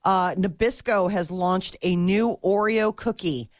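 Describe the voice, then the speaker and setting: A woman co-hosting a morning radio show, giggling often and reading quick news items in casual chat. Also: mid-range voice, no echo, clean studio sound. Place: radio studio.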